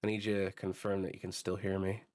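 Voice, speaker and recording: A man streaming a video game, chatting casually and bantering with viewers, his voice a bit hoarse from a recent illness. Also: low-pitched, little pitch movement, fast talker, darkish tone, no room sound. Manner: joking, bantering with chat.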